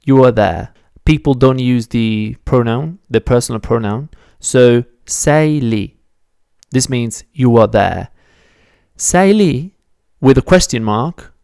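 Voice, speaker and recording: A man's voice: medium pitch, takes it slowly, vocal fry, a little mellow, smooth, no room sound, studio quality. A man teaching a beginner language lesson, patiently explaining step by step and correcting his own slips. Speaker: Italian teacher.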